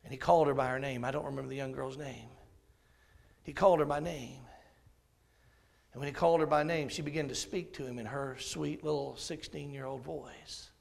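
A man preaching a sermon, telling a story dramatically and swinging from loud bursts to hushed tones. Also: medium pitch, steady tone, a little fast, gravelly.

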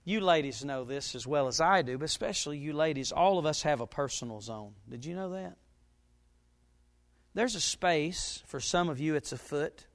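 A middle-aged man, a pastor, preaching a sermon and telling a story, his voice now and then jumping up loud. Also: on the high side, lively intonation, normal speed. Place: church.

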